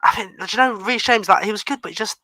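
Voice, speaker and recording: A man's voice: sits high, fast, pushed and bright, dry recording, low-quality recording. A young man on a fan stream who sounds weary and annoyed, often trailing off and restarting his sentences. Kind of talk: casual post-match fan chat.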